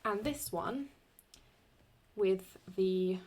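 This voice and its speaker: A young woman explaining Latin verse in a casual, halting way, often stopping to correct herself as she writes. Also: medium pitch, darkish tone, slight background noise. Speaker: Latin teacher.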